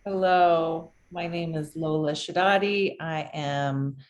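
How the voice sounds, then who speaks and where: A woman on a video call reading her church's mission statement aloud in a steady, formal way. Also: deep voice, slow, dull audio. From United States. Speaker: congregation member.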